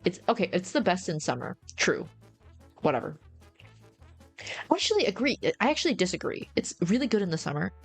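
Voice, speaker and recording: A woman's voice: fairly low pitch, sing-song, fairly quick, gravelly, pauses often, breathy edge, soft background music. A woman streamer in casual, slangy livestream chat, rambling and answering her chat. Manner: rambling, slangy, says bro a lot.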